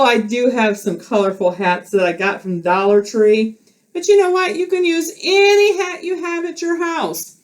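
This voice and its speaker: A woman teacher tells a children's story at home and walks young listeners through it. She speaks slowly with a lively, swinging pitch in a fairly high voice. It is recorded on a camera. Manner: slow, animated, teacherly explaining. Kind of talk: storytelling role play for children.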